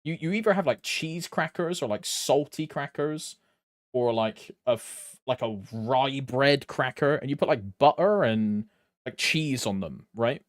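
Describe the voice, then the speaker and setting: A man's voice: medium pitch, animated, measured pace, no room sound, studio quality. A young British man streaming a game, chatting loosely with viewers, rambling and swearing casually. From Britain. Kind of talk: casual live-stream chat.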